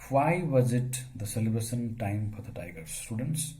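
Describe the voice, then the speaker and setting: A man, teaching a story as a lecture. He asks questions and answers them himself, using many fillers, and his voice gets suddenly louder at times. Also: mid-range voice, lively intonation, moderate pace, low-quality recording.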